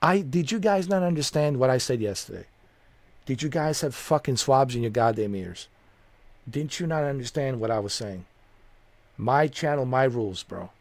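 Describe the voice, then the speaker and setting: A medium-pitched man streaming from home rants furiously at a viewer through a close desk mic, heated, profane, repetitive and confrontational. There's no echo on his voice.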